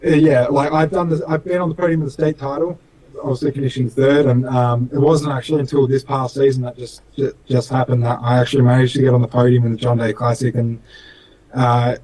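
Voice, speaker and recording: A man's voice: mid-range voice, level tone, brisk, warm tone, low-quality recording. Earnest young Australian man rambling. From Western Australia. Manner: earnest, rambling storyteller with many fillers. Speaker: racing driver guest. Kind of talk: casual storytelling interview.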